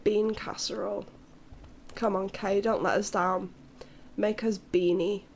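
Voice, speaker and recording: A woman's voice: medium pitch, steady tone, measured pace, gravelly, slight background noise. A young Welsh woman streaming live, chatting casually with her viewers in a playful, teasing way and swearing freely. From Wales.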